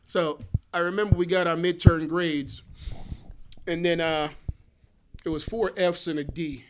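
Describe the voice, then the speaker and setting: A man in his forties telling animated stories in casual talk, laughing often and swearing freely. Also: fairly high pitch, measured pace, a little hiss or hum. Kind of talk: casual storytelling.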